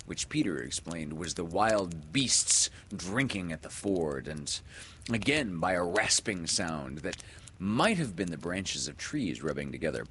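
A man narrating a children's story aloud in an expressive, dramatic way. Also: deep voice, gravelly, a little hiss or hum. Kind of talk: audiobook storytelling.

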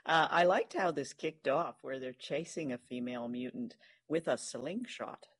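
A man co-hosts a relaxed podcast chat. He talks with eager enthusiasm at a middling pitch and fills his thoughts with ums and small laughs. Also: normal speed, husky. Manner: chatty and enthusiastic, with frequent fillers and laughs. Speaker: podcast co-host. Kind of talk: casual chat reviewing an old radio drama.

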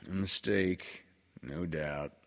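A man voicing a gloomy old male donkey who speaks slowly, low and sighing, in a storybook reading. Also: steady tone. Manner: slow, low, sighing delivery.

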